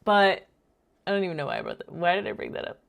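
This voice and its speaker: A woman from Rico, hosting and telling a faith-based family story in a lively, laughing way. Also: fairly low pitch, fast, vocal fry. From Puerto Rico. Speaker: podcast host.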